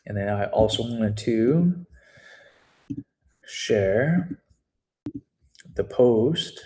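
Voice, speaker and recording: A man's voice: mid-range voice, expressive, extremely slow, warm tone, a little hiss or hum. A man, a fitness coach, giving a casual walkthrough, often repeating words and restarting his phrases.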